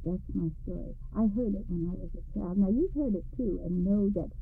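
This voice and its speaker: A woman host reads a storybook aloud in gentle, measured narration. Her voice is husky with some creak, and the recording is tinny and phone-like, like an old radio broadcast. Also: medium pitch.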